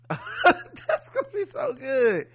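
A man's voice: extremely high pitch, huge pitch swings, extremely slow, fairly bright tone. A man co-hosting a casual podcast chat. He laughs often and reads listener comments aloud. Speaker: podcast co-host.

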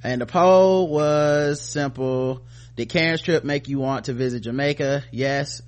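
A man's voice: medium pitch, measured pace. Casual, profane male podcast host. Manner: reads listener comments aloud, profane and joking.

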